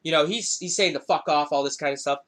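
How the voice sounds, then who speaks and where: A young man hosts a podcast, his voice a little high and fast. He's casually telling a story, swearing a lot in an animated, profane way.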